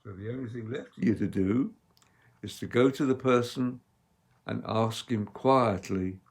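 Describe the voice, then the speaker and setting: A man delivering a sermon as a rabbi, measured and emphatic, with loudness that swells and drops. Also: medium pitch. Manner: measured, emphatic delivery with strong dynamic swings.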